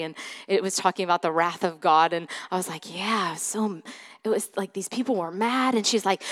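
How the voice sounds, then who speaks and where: A woman pastor delivers a sermon in a large hall, her voice medium in pitch and her pace moderate. She tells it like a casual story, leaning heavily on fillers and occasionally shifting from loudness into hushed, whispered asides.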